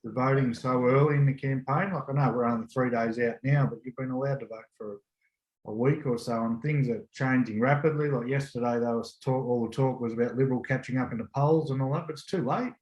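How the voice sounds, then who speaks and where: A man's voice: mid-range voice, fairly even intonation, fairly quick, darkish tone, highs cut off. A man with an Australian accent co-hosting a casual podcast, talking bluntly and saying "mate". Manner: blunt, banters and says "mate". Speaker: podcast co-host. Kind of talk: casual chat. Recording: echoey room.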